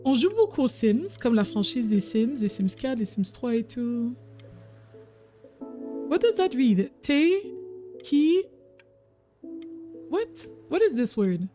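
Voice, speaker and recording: A chatty bilingual woman streams casually, reacting to her game and switching between French and English over game music. Her voice is fairly high and mellow, very animated yet slow, with frequent pauses.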